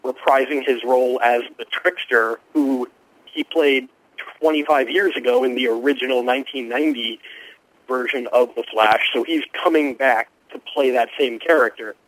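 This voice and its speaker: A man who is a guest TV critic, giving quick, informed and enthusiastic answers in a radio interview. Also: mid-range voice, no echo, low-quality recording.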